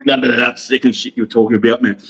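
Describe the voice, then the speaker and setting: On a casual podcast, the guest is a brash, pumped-up Australian wrestling promoter who swears freely and laughs often. He speaks quickly with a medium, slightly bright voice, flat delivery, and vocal fry, captured in dull lo-fi audio.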